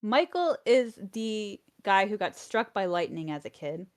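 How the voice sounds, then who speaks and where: A woman casually recapping episodes of a show to friends, animated and full of fillers. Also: medium pitch, measured pace. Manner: chatty, animated retelling with many fillers. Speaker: presenter of a podcast recap. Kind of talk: casual chat.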